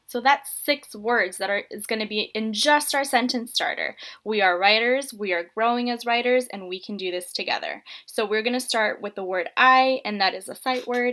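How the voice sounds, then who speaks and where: A woman teacher giving a writing lesson to young children, speaking slowly and encouragingly and stretching out letter sounds. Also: a little high, fairly bright tone.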